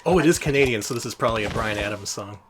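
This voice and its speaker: A man's voice: lowish voice, lively intonation, very fast, slight background noise. A man casually commenting while playing a retro game on a stream, joking and sarcastic. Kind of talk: casual let's-play commentary.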